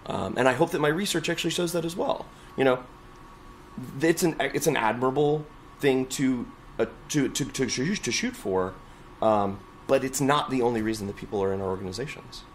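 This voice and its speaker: A young adult man, a choral conductor, telling stories in an oral history interview, lively and expressive as he quotes others. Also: mid-range voice, fairly quick, slight background noise.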